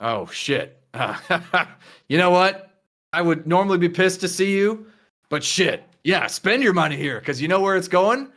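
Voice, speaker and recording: A man's voice: high-pitched, animated, unhurried, fairly bright tone, voice pushed up. A man voicing a brash, crude young man who swears and gloats, in a tabletop game. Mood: gloating.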